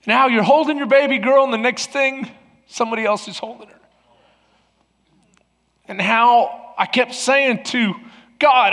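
A man's voice: very high voice, a little slow, long pauses, a bit bright. A middle-aged male pastor preaching a sermon, telling a personal story with emotional restarts and laughter. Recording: long hall reverb.

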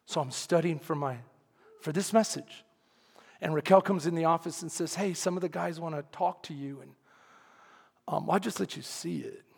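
A man preaching a sermon, telling a story with acted-out dialogue, laughing often and swinging from quiet to loud. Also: a little high, normal speed, vocal fry, husky. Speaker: pastor. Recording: long hall reverb.

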